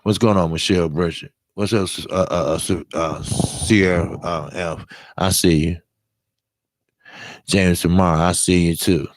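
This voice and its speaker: Hoarse guy on a boxing stream, lowish voice, blunt and cussing, dry close sound. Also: fairly even intonation, a little slow, no room sound. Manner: emphatic, profane, blunt street talk. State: hoarse from talking all day. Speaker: boxing talk show host. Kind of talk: live-stream boxing commentary chatting with viewers.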